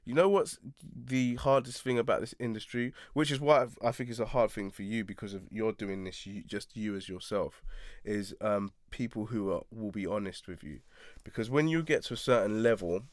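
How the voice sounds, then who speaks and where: A man chats in a relaxed, reflective way as the guest of an interview, laughing easily. His voice sits low, and the sound is dry and close. He is recording in a small attic studio. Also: moderate pace, hardly any pauses, dry recording. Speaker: radio presenter, guest. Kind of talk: casual interview chat.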